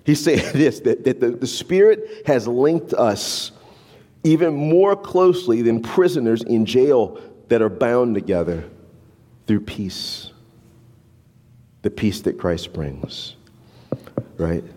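Animated male pastor preaching in a hall. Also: medium pitch, takes it slowly, long pauses. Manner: animated, conversational, rhetorical "right?" tags. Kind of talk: sermon. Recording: long reverb of a large hall.

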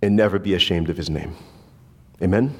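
A man's voice: deep voice, fairly quick, in a large hall. A man preaching a sermon, telling a story and acting out the voices of the people in it. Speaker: pastor.

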